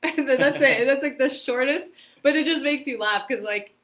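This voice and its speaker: A woman's voice: high-pitched, normal speed. Chatty, laughing woman telling stories. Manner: animated, laughing, many "like" fillers. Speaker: podcast guest, karate competitor and stunt performer. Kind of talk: casual storytelling interview.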